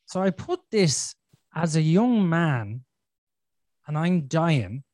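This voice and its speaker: A man talks bluntly and swears freely, slipping into the voices in his own head. His voice sits a little high for a man. The sound is dry and close, with no room around it. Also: big pitch swings, takes it slowly, darkish tone, dry recording. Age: 40s. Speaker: podcast host. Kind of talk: casual conversation.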